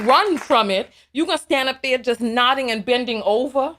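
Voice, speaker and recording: A woman hosting a live call-in stream, reading viewer messages aloud and commenting in an animated, sassy way. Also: sits high, a loud crowd, very noisy. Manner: animated, sassy, quick to laugh. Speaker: live call-in show host.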